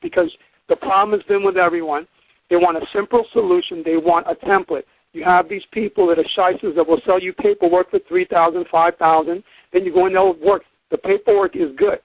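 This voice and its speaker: A man's voice: sits high, steady tone, fairly quick, no echo. A man lecturing emphatically on a call-in program, acting out courtroom exchanges as he goes. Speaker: guest teacher on a call-in program. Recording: tinny dry phone line.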